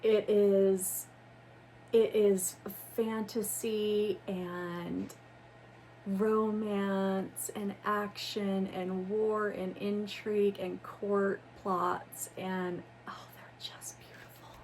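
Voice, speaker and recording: A young adult woman hosting a book channel, chatting casually and gushing with excitement as she unboxes books at home. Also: mid-range voice, very slow, slight background noise. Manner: gushing, excited, calls viewers "you guys". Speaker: booktube host. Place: home room with ring light.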